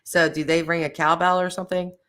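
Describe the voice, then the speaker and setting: A woman's voice: lowish voice, flat delivery, a little fast, fairly bright tone. A woman hosting a casual livestream, chatting animatedly with her viewers and laughing often. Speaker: livestream host.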